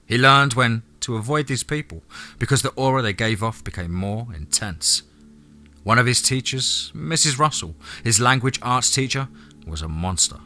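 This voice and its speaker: A male audiobook narrator with a bright, forward tone. He tells the story steadily at a mid pitch. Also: expressive, moderate pace, soft background music. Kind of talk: scripted narration.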